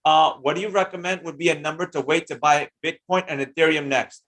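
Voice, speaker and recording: An energetic man with a fairly high voice runs a live trading lesson and answers chat questions as they come in. He talks in a slangy, hyped-up way and shouts out viewers by name. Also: a little fast. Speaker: trading teacher hosting a live stream. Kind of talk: live-stream Q&A reading chat comments.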